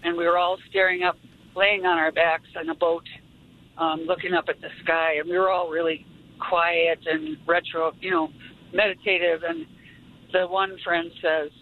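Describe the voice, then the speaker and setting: A woman's voice: on the low side, little pitch movement, normal speed. A woman calling into a radio show, telling a rambling, amused story. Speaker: radio caller. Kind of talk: phone-in anecdote. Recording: tinny phone line.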